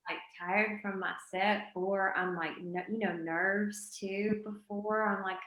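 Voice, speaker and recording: A woman's voice: mid-range voice, fairly even intonation, slow pace, a bit bright, roomy sound, low-quality recording. A woman stand-up comedian in candid, casual conversation, asking short questions.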